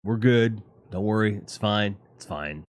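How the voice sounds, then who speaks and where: A man with a lowish voice rambles through a casual live stream, swearing freely and tossing out animated opinions. The sound is dry and close, with little room around it. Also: a little slow, no room sound. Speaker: streamer host.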